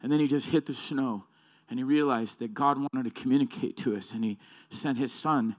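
Guy preaching a sermon, kinda high voice, emphatic, keeps repeating himself.

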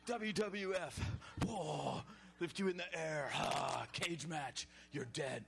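A man voicing a boastful giant warrior who taunts in a deep, gravelly put-on voice. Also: slow pace. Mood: gloating. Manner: taunting, gloating.

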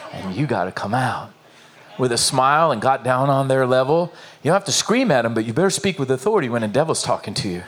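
High-voiced, emphatic male preacher. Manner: emphatic, animated preaching with repetition and rhetorical questions. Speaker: pastor. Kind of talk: sermon.

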